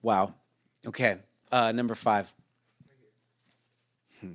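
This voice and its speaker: A man's voice: lowish voice, fairly even intonation, takes it slowly, a bit bright. A man in his thirties co-hosting a casual podcast chat, reflective and rambling with many restarts. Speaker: podcast co-host.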